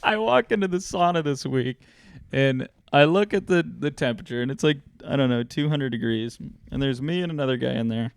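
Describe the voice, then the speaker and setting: A man's voice: medium pitch, a little fast, vocal fry, clear, resonant tone, no room sound. Laughing young man telling stories. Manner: animated storyteller, laughs often, slangy. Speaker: podcast host. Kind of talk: casual chat.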